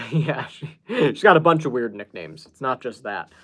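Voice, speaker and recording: A man hosts a podcast with a sing-song, medium-pitched voice at a measured pace. His casual storytelling rambles, with lots of fillers and restarts.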